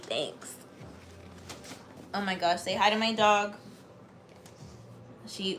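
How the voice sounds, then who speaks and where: American woman, livestream book reader, steady emphatic reading with chatty asides, faint background hum. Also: lowish voice. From United States. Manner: reads with steady emphasis, then breaks off into chatty, bubbly asides. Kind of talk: reading aloud to live viewers, with casual chat.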